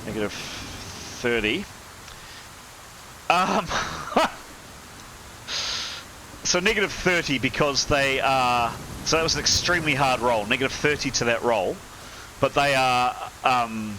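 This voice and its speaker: A man guiding his players through a tabletop adventure as game master. His voice is bright and forward, at a middle pitch, and his narration is lively. There is a faint hiss of noise behind him. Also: low-quality recording. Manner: lively narration, shouting panicked sailors in character.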